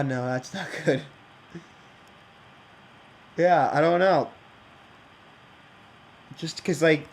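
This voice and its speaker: A man thinking out loud while building in a block game, rambling and hesitant, with many fillers and restarts. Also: a little high, a little hiss or hum, low-quality recording. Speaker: game video creator. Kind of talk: casual think-aloud game commentary.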